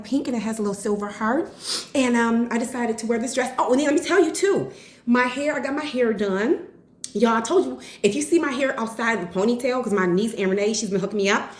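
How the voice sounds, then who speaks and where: A woman in her forties chatting casually to her viewers, an excitable storyteller who calls them y'all. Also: a little high. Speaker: vlogger. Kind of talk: casual chat to camera. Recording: roomy echo.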